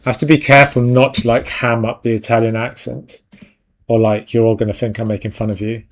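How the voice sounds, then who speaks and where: A man's voice: medium pitch, level tone, brisk. A man hosting a live stream, chatting casually and jokingly with viewers while he works, laughing often. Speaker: 3D art stream host.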